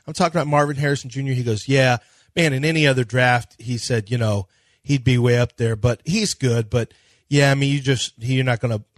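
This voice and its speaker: Lively male sports radio host. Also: mid-range voice, no room sound, clean studio sound. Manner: animated storytelling, quotes others in conversation. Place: radio studio. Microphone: studio microphone.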